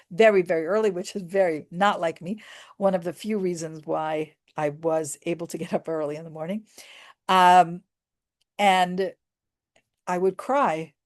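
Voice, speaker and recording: A woman's voice: on the low side, a little mellow. Earnest woman telling a personal story. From United States. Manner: earnest and emotional, many restarts.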